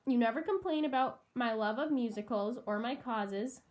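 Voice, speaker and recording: A woman's voice: fairly high pitch, moderate pace, darkish tone, natural voice. A woman voicing an earnest, talkative young girl who pleads with her best friend, reading a novel aloud.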